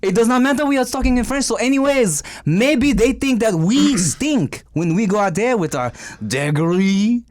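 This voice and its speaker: A man's voice: extremely high pitch, expressive, moderate pace, few pauses, no room sound. A man co-hosting a podcast, joking and swearing in casual banter with mock-formal phrasing. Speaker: podcast co-host.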